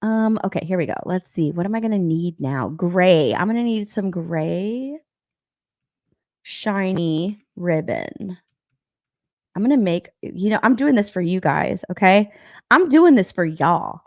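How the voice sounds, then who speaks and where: A young woman hosting a live stream alone, talking in a loose, rambling way that loops back on itself. Her pitch jumps around a lot. She swears casually and laughs often. The sound is close and dry, with no room echo. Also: animated, normal speed. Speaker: stream co-host.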